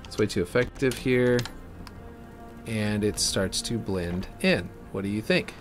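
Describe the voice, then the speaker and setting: A man giving casual, rambling commentary as he builds a game map, thinking out loud and correcting himself as he goes. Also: on the low side, unhurried, music in the background.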